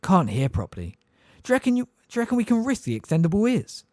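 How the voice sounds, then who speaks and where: A man's voice: high voice, huge pitch swings, quick pace, mellow, no room sound, clean studio sound, pitched above the performer's own voice. Man doing a cheeky teenage boy. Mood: teasing.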